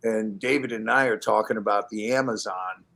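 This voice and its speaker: A man in casual chat telling long animated stories, acting out the voices of the people in them and laughing often. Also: on the low side, normal speed, creaky. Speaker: podcast guest telling stories.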